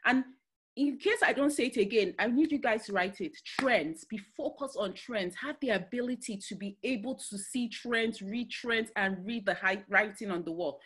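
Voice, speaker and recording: A woman with a Nigerian accent giving a motivational talk, telling stories in an animated way with many fillers and restarts. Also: on the high side, moderate pace, husky. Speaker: guest speaker.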